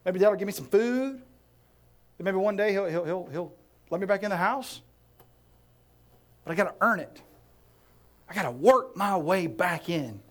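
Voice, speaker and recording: A man's voice: sits high, animated, normal speed, long pauses, a bit bright. A man voicing a desperate young man who talks himself into begging to go home, in an anxious, self-pleading monologue.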